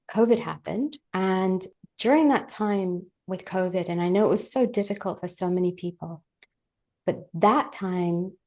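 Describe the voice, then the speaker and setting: Gravelly-voiced woman telling a story. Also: on the low side. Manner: animated, vivid storytelling that acts out her own past words; candid and chatty, talks straight to the listeners. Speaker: podcast guest. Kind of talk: personal storytelling in an interview.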